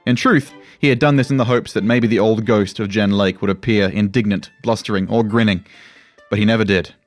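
A man narrating a fantasy story in a measured, dramatic way. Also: fairly low pitch, steady tone, no room sound, faint music behind.

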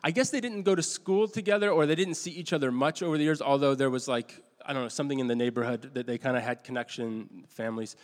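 A man's voice: mid-range voice, fairly even intonation. A middle-aged man preaching a sermon in a conversational, storytelling way, often restarting his sentences and poking fun at himself. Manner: conversational storytelling, halting restarts, self-deprecating. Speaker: pastor. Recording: long hall reverb.

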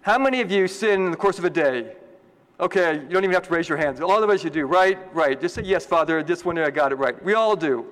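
A man's voice: sits high, expressive, fast talker, fairly bright tone, big-room sound. A man, a priest, giving a homily in a conversational, joking way and asking the congregation questions.

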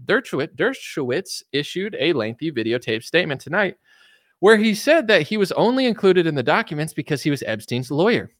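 Casting note: male commentator, sarcastic and blunt, lively up-and-down delivery, dry close sound. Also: on the high side, fairly quick, no room sound. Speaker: political commentator. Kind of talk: casual opinion rant.

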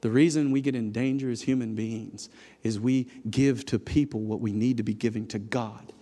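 A man preaching a sermon, swinging between loud emphatic passages and low hushed ones. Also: steady tone, moderate pace. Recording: long hall reverb.

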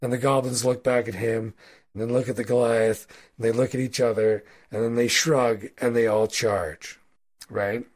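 A man narrating a tabletop role-playing game as game master, telling a fight scene in a loose, animated, swearing way. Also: medium pitch, normal speed. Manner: animated, swearing, casual storytelling.

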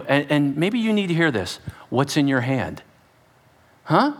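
A man preaching a sermon in a dramatic storytelling style. His voice sits a little high and swings widely in pitch as he acts out the voices of the story. He drops to whispers, then rises to loud bursts. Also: big pitch swings, unhurried, long pauses. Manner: shifts between whispers and loud outbursts. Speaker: pastor.

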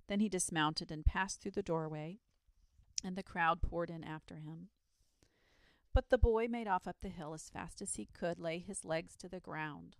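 A woman reading a children's story aloud in a calm, soothing bedtime reading. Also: fairly low pitch, normal speed, dry recording, studio quality.

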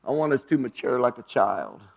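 Preacher swinging soft to loud. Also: male voice, sing-song, normal speed, creaky. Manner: swings from low hushed phrases to loud high exclamations. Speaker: pastor. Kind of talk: sermon.

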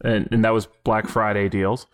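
A man hosting a casual podcast, steering topics and recapping news in a measured way. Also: fairly low pitch, level tone. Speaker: podcast host. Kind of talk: casual chat.

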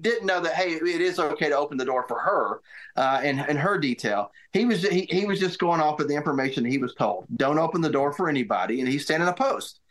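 A middle-aged man, a former military aide, recounting memories in a casual interview, halting and restarting often. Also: fairly high pitch. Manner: halting, many restarts and repeated words. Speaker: guest, former White House military aide.

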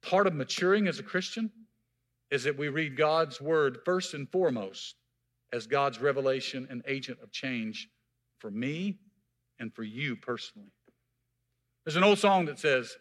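Bright-voiced preacher man. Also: a little high, normal speed. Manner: preaching with call-outs to the congregation. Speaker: pastor. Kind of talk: sermon.

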